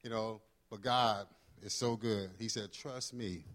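A man's voice: on the low side, flat delivery, measured pace, fairly bright tone. A man preaching a testimony sermon, telling his story casually and acting out the dialogue.

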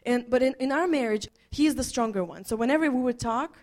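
A woman's voice: fairly high pitch, fast talker, a little mellow. A woman pastor giving earnest marriage advice, telling a personal story with many restarts. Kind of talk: marriage teaching talk with a co-host.

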